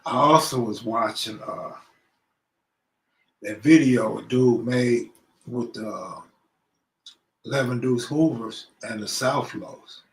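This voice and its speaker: A man from Los Angeles hosts a casual live stream by himself, chatting straight to his viewers in loose street slang. His voice sits at an ordinary pitch and rings a bit in an echoey room. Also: takes it slowly, pauses often. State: out of breath. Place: room at home, alone.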